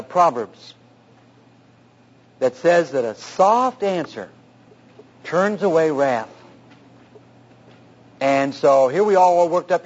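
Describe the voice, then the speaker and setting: A man's voice: on the high side, husky. A man who is a pastor, preaching earnestly through a personal story about marriage, in a dull lo-fi recording. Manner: earnest, anecdotal, animated retelling.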